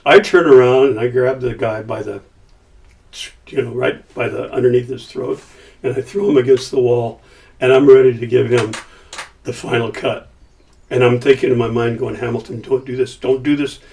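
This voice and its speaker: A man's voice: medium pitch, normal speed, gravelly, distant mic. Older man telling a story. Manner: lively, acts out quotes in his stories. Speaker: podcast guest. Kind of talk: casual storytelling.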